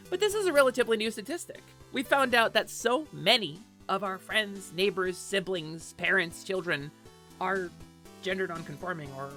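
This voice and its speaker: A woman's voice: medium pitch, sharp tone. A woman streamer chatting casually and animatedly on a live stream, swearing offhand and laughing often. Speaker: Twitch streamer.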